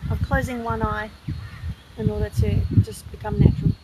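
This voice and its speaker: Woman chatting casually on a live stream, relaxed and matter-of-fact. She sounds set back from the mic, with loud background noise. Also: a little high, normal speed, creaky, far from the mic. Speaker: archery coach guest.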